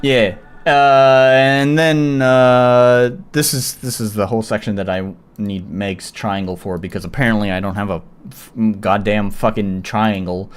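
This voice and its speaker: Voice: mid-range voice, fairly even intonation, measured pace, a little hiss or hum. A live streamer in casual chat, swearing often and rambling with restarts and fillers.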